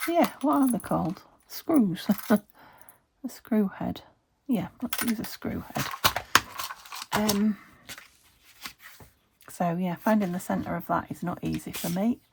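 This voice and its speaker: British woman vlogger, casual self-talk at a craft desk, creaky, noisy recording. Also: mid-range voice, animated, takes it slowly, long pauses, warm tone. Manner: chatty, thinks aloud, self-talking with little laughs. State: recovering from a fever. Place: home craft desk, window open. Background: traffic through an open window.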